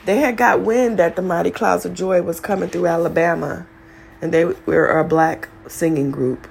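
A woman with a low, gravelly voice delivers a fervent testimony in the cadence of a preacher. Her talk is blunt and salted with profanity. A faint hum of room ambience sits behind her. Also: fairly even intonation, normal speed. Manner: preacherly, profane, builds to high shouted pitch when retelling. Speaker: speaker telling her life story. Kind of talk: impassioned testimony monologue.

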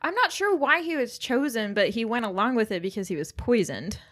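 A woman's voice: fairly high pitch, expressive, a little fast, fairly bright tone. A woman co-hosting a podcast in casual chat, talking freely with frequent laughs and lots of fillers. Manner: chatty, laughs often, many fillers. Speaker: podcast co-host.

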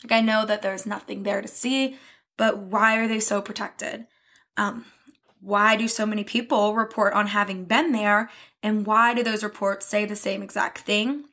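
A woman's voice: mid-range voice, fairly even intonation, moderate pace, sharp tone. A young woman co-hosting a podcast in casual chat, chatty and often laughing. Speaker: podcast co-host.

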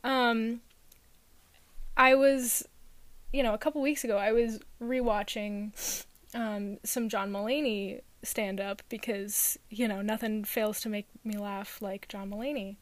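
A woman's voice: medium pitch, level tone, unhurried, dry recording. A woman co-hosting a podcast in casual chat, giggly and rambling with lots of fillers. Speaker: podcast co-host.

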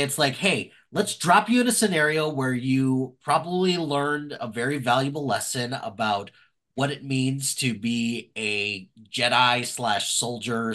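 A man's voice: mid-range voice, fairly bright tone. A man co-hosting a podcast, giving wry, sarcastic remarks in casual chat. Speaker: podcast co-host.

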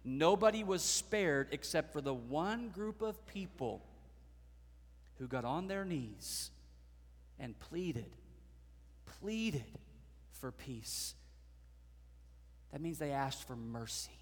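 A man preaching a sermon as pastor, swelling into dramatic, loud passages and acting out voices from the stories. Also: on the high side, lively intonation, slow pace, in a large hall.

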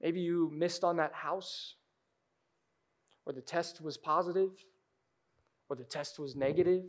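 High-voiced man preaching with dynamic swings. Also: steady tone, a little slow. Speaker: pastor. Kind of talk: sermon. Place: church sanctuary.

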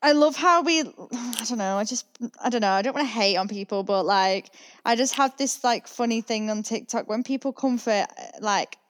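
Young woman from the UK, podcast co-host, fairly high voice, giggly and gossipy. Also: moderate pace. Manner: chatty, giggly, gossipy storytelling. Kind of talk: casual chat.

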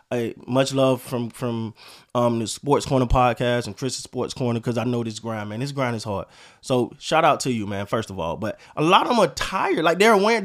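A man's voice: sits high, a bit bright. A man hosting a sports podcast, ranting in a frustrated, profane, repetitive way. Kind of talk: casual sports rant.

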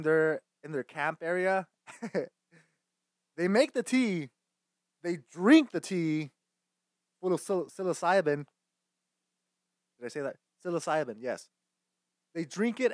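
A man's voice: fairly high pitch, no echo, clean studio sound. Profane, rambling young man reviewing a movie. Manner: profane, rambling, laughs often. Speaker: host. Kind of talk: casual movie-review chat.

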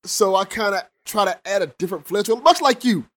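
A man hosting a relaxed podcast conversation about gaming. His voice sits high for a man. He talks in a laid-back way and chuckles often. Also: a little fast. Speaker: podcast host. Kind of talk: casual podcast interview.

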